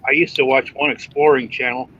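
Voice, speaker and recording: A man telling a story in casual chat, animated and mimicking other people's lines. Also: medium pitch, fairly quick, slight background noise. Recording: muffled lo-fi stream audio.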